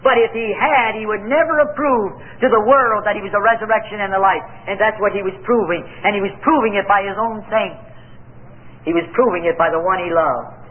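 High-voiced preacher on a tinny line. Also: male voice, a little fast. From United States. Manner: earnest, emphatic preaching with storytelling asides. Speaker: pastor. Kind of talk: sermon. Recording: tinny phone-like lo-fi audio.

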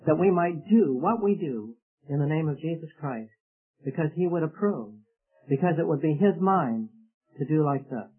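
Husky man preaching on an old tape. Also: fairly high pitch, animated, normal speed, narrow, tinny audio. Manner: earnest, explanatory, with rhetorical questions. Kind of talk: sermon.

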